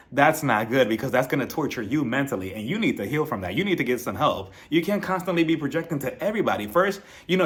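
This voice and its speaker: A man recapping a reality TV episode in a sassy, gossipy chat, laughing often between remarks. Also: medium pitch. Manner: sassy and gossipy, mimics the cast in quoted lines. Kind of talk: casual recap commentary.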